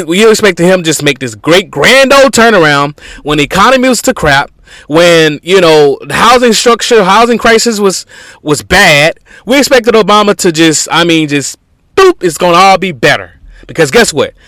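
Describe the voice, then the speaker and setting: Animated man giving sports commentary. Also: high voice, dry recording. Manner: emphatic, repetitive, conversational. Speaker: podcast host.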